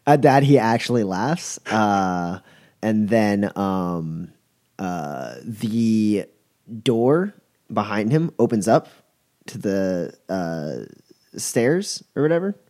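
A man's voice: on the low side, expressive, slow pace, darkish tone. A young man narrating a tabletop game as game master, rambling with lots of fillers. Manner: rambling with many fillers, chuckling.

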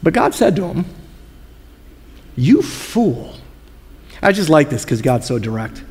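A male pastor preaching a sermon, telling Bible stories in an expressive, colloquial way. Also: a little high, fairly quick. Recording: long hall reverb.

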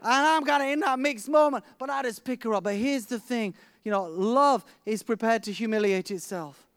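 A man's voice: extremely high pitch, normal speed, fairly bright tone, no echo, studio quality. A middle-aged man preaching a sermon, telling a vivid personal story with frequent restarts.

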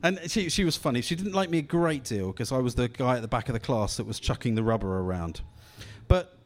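A man's voice: mid-range voice, expressive, brisk. A man from England preaching a sermon in a conversational, encouraging way, often repeating his phrases. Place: church gathering.

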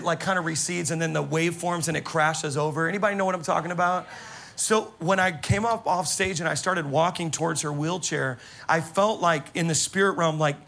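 A man preaching as a pastor, telling stories to his congregation in an animated, exclamatory way. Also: fairly high pitch, vocal fry. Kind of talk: sermon with storytelling. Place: church service.

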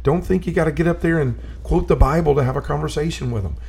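A man speaks with a gravelly, creaky edge and a dark, mellow tone. He talks earnestly in a relaxed conversation, telling long stories and often stopping to restart his sentences. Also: a little high, quick pace. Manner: earnest storyteller, restarts and repeats himself. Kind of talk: casual conversation about faith.

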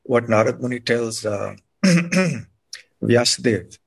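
A man speaking as a guest monk on a podcast, explaining in a measured way and often clearing his throat. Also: mid-range voice, flat delivery. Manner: measured, frequent throat clearing, sips to soothe throat.

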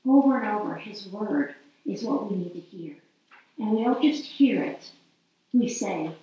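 A woman's voice: mid-range voice, expressive, normal speed. A woman giving an earnest, heartfelt faith-based teaching talk, speaking prayers aloud as she goes. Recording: roomy, distant and slightly dull.

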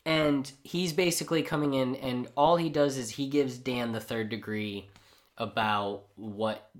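A man co-hosting a podcast in casual chat, retelling a comic book's scenes with animated asides and acted-out lines. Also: mid-range voice, measured pace. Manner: animated storyteller who acts out characters' lines. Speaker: podcast co-host.

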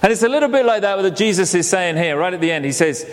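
A man preaching a sermon, telling it as an animated story and acting out the quotes. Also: high voice, fast talker, few pauses. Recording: long hall reverb.

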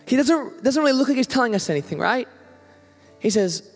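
A man's voice: very high voice, expressive, a little fast, husky, long reverb tail, faint music behind. A man who is a youth pastor, preaching a conversational sermon and acting out the prayers and voices he quotes.

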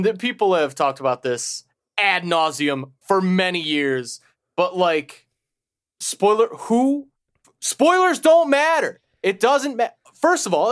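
A man's voice: high-pitched, fairly bright tone, no echo, studio quality. A man co-hosting a podcast in casual chat, blunt and emphatic, prone to profane rants. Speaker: podcast co-host.

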